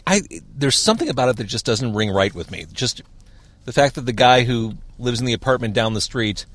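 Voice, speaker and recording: A man's voice: mid-range voice, expressive, fairly quick, a bit bright. A man asking easygoing questions in a casual chat. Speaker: interviewer.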